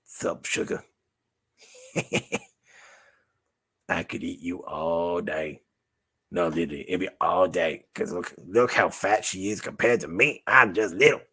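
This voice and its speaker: Man doing a small swaggering crocodile puppet, bright husky voice, slangy and cocky. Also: deep voice, unhurried, long pauses, heavily acted. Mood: flirty. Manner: swaggering slangy tough-guy talk. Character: cocky little male crocodile puppet, jokey. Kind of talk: puppet voice in a craft vlog.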